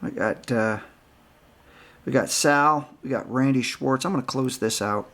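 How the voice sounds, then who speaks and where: A man's voice: mid-range voice, measured pace, fairly bright tone. A man chatting casually about his baseball card collection, rambling and laughing often. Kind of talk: casual chat.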